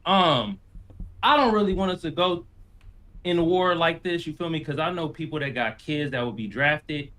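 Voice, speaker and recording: A man chats on a debate panel in loose, profane street slang. His voice is slightly high and bright, with a sharp edge. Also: moderate pace. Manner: slangy, laid-back, profane.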